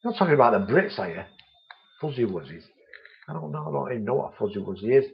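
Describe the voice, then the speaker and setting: Male stream host, chatty and friendly, mid pitch, muffled low-fi sound. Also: animated, fast, gravelly. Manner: chatty, friendly, calls viewers mate. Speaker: vaping channel host. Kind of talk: live-stream chat reading viewer comments.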